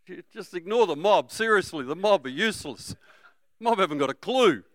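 A middle-aged Australian man preaching a sermon, energetic and humorous, sometimes breaking into shouts. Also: high-pitched, brisk, no room sound. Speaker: pastor.

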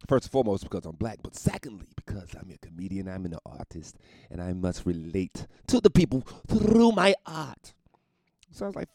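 Gravelly, animated male comedian telling a story. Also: low voice, brisk, no echo, clean studio sound. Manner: profane, laid-back, laughs through the story. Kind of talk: casual storytelling monologue.

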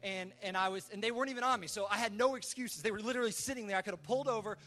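A man preaching as a pastor, telling stories in a loose conversational sermon. His voice is high and bright, and he talks quickly, often restarting his sentences. He acts out the quoted lines of the people in his stories. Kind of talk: sermon storytelling.

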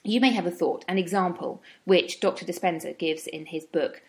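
A woman's voice: fairly low pitch, moderate pace. A middle-aged woman giving a reflective teaching talk, with acted inner-voice asides. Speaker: wellbeing speaker.

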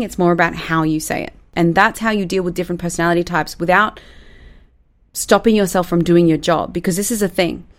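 A woman teaching managers how to handle tough conversations, acting out example lines in different tones. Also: fairly low pitch. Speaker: management coach.

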